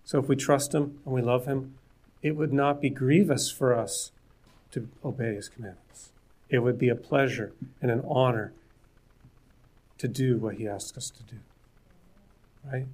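A man's voice: mid-range voice, steady tone, unhurried, long pauses, a little mellow. A man preaching a sermon in an earnest, conversational way, with jokes and asides to the listeners.

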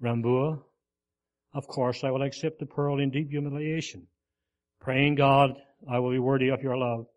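A man's voice: medium pitch, steady tone, moderate pace, highs cut off, natural voice. A man voicing a missionary in a sermon story, speaking firmly and sincerely. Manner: firm, sincere. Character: male missionary, determined and humble.

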